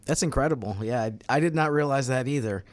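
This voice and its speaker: A man's voice: medium pitch, quick pace, dry recording. A man co-hosting a sports podcast, speaking earnestly and thoughtfully with frequent restarts. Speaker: podcast co-host. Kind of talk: casual podcast chat.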